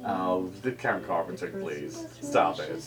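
A man's voice: sits low, a little slow, distant mic. A man gushing and laughing through a casual chat while guessing songs, with music playing behind. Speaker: co-host.

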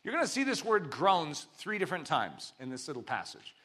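A man delivering a sermon in a bright, cutting voice that sits high for a man. He swings from loud, forceful exclamations to soft, intimate asides, and his pitch leaps and falls all the way through. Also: big pitch swings, brisk, breathy edge. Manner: dynamic preaching, swinging between loud exclamations and quiet asides. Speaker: pastor.

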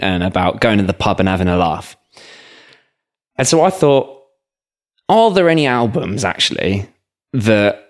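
A man co-hosting a podcast in casual chat, hesitant, with stammering restarts and lots of fillers. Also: deep voice. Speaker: podcast co-host.

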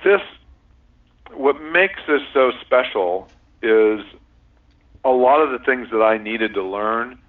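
A man's voice: medium pitch, lively intonation, slow pace, long pauses. A man talking in a casual interview, earnest and reflective, often laughing and restarting his sentences. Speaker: guest sharing a relationship compatibility system. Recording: distant, tinny phone-line sound.

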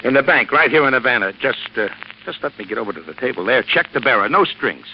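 An actor playing a scheming gangster with a gravelly, wheedling voice, in 1940s radio acting style on a dull old broadcast. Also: male voice, medium pitch, expressive, fast talker, a little hiss or hum, close to an everyday voice. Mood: pleading. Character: gravelly scheming gangster, cowardly when cornered.

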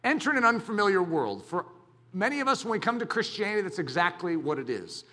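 A man preaching a sermon as a pastor, talking in an animated, dramatic way with bursts of shouting. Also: sits high, quick pace.

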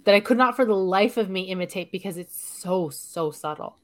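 A woman with a light Canadian accent co-hosting a podcast in casual chat, chatty and quick to laugh, often restarting her sentences. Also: medium pitch. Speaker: podcast co-host.

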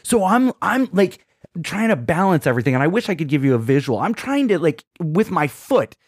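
A man on a casual podcast spins a rambling, animated story, stumbling over restarts and acting out his own quotes. His voice sits a touch high and sounds dry and close. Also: fairly quick, husky, no room sound. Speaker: podcast co-host.

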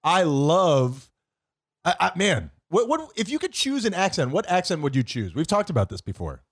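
A young man co-hosting a comedy podcast, joking in a lively sing-song way. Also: a little high, normal speed, slightly rough. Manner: jokey, animated, sing-song delivery. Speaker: podcast co-host. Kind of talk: casual comedic podcast banter.

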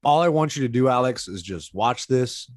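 A man's voice: medium pitch, lively intonation, moderate pace, no room sound. A man co-hosting a casual podcast, laid-back and chatty, saying bro and um a lot. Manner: laid-back, says bro, filler words. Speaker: podcast co-host.

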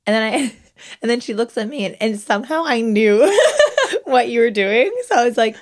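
Lively, giggly young woman co-host. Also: a little high, moderate pace. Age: young adult. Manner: giggly, laughs through her stories; swears freely, uses cringe as a verdict. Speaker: podcast co-host. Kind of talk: casual chat.

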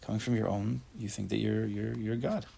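A man's voice: fairly low pitch, level tone, fairly quick, vocal fry, dark tone, husky. A man giving a casual Torah class, reading a text and explaining it, acting out angry everyday voices and asking the class questions. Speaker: Torah teacher.

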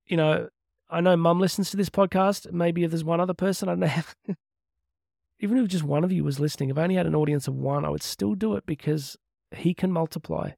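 Middle-aged guy hosting a podcast, earnest and chatty, kinda gravelly, dry close sound. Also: fairly high pitch, fairly quick, darkish tone, no echo. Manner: earnest, chatty, with frequent laughs and asides. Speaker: podcast host and Catholic speaker. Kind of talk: casual heartfelt podcast monologue.

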